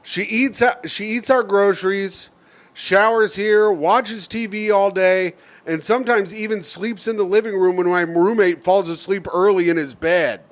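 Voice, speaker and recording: A man with a notably high voice, trading jokes as a podcast co-host. His delivery is teasing and casual, close on a studio mic. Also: steady tone, unhurried. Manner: playful, teasing, reads a listener letter aloud. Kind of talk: casual comedic podcast banter.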